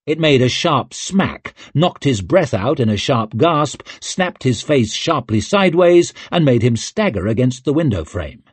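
A man reading an audiobook in a measured, expressive way, close to the mic. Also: mid-range voice, breathy edge, dry recording. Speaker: audiobook narrator. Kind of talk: scripted narration.

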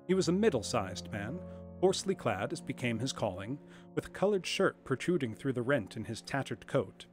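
A man reading a classic detective story aloud on a livestream, in a measured, expressive narration. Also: medium pitch, faint music behind.

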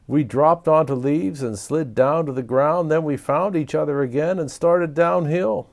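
A man reading a children's storybook aloud in an animated, expressive way. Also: on the high side, measured pace, vocal fry, hardly any pauses. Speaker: storybook reader.

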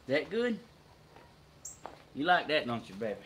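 Slow, bright-voiced Southern man. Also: medium pitch, very animated, a little hiss or hum. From Georgia, USA. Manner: folksy, laughs often, reads out viewer comments. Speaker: livestream host. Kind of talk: casual live chat with viewers.

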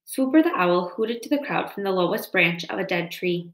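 A woman's voice: lowish voice, lively intonation, normal speed, hardly any pauses. A woman reading a children's novel aloud in a storytelling manner. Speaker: reader. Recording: roomy echo.

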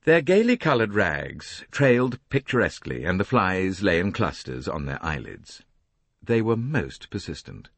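A man narrating an audiobook in a measured, expressive reading on a close studio mic. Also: deep voice, no echo. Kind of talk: scripted narration.

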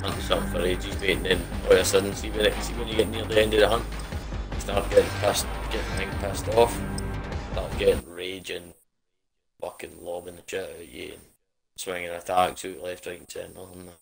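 Sweary excitable streamer. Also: male voice, sits low, fairly quick, creaky. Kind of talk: casual live gaming commentary. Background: game music and gunfire.

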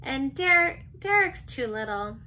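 A woman voicing a shy young schoolgirl who speaks softly and earnestly in a storybook reading. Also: high voice, sing-song, takes it slowly, a little hiss or hum, exaggerated voice. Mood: confiding. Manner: soft, gentle.

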